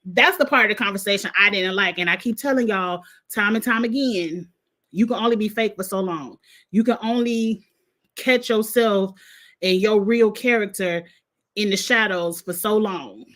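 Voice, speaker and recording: A woman, hosting a casual reaction vlog in a blunt, heated, profane and animated way. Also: medium pitch, moderate pace. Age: adult with a son in college. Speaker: vlog host reacting to a reality show.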